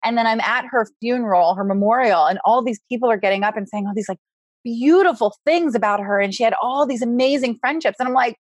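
A woman in her forties talking candidly as a podcast guest, loud and animated, laughing often. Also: on the high side, brisk, dry recording. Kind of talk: candid conversational interview.

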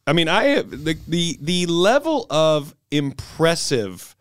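A young adult man co-hosting a podcast, riffing animatedly in casual comedic chat and quick to laugh. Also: fairly high pitch, sing-song, fairly bright tone, no room sound, clean studio sound. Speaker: podcast co-host.

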